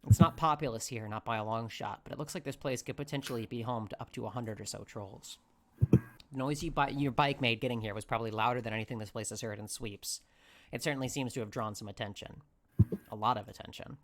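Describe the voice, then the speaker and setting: A man's voice: medium pitch, fast. A man hosting a let's play, reading game narration aloud and breaking off to joke. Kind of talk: narrating a visual novel aloud.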